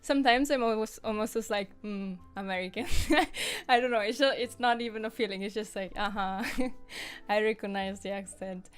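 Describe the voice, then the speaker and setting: A woman's voice: fairly high pitch, fairly even intonation, brisk, smooth, faint music behind. Chatty Italian woman on a call. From Italy. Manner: chatty, laughs often, many restarts. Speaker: podcast co-host. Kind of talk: casual chat.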